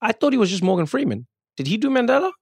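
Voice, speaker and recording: Animated South African man, dry sound. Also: sits high, very fast, no room sound. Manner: animated, slips into impressions. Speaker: guest. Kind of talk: casual chat.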